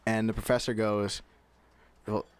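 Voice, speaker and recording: A young man from New Jersey, a podcast guest, telling a story in casual chat, rambling and animated with many fillers. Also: fairly low pitch, a little slow, clear, resonant tone, no echo. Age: young adult.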